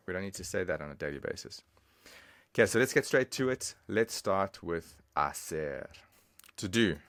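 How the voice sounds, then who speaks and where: A man's voice: sits low, a bit bright, no echo, studio quality. A man giving a casual, chatty online language lesson, talking straight to the viewer. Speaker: language teacher.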